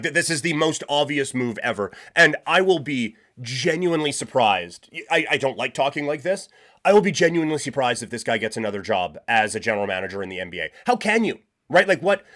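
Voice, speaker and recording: A man's voice: mid-range voice, fairly bright tone. A man hosting a sports talk show, giving blunt, opinionated commentary in a rambling way, full of fillers and restarts.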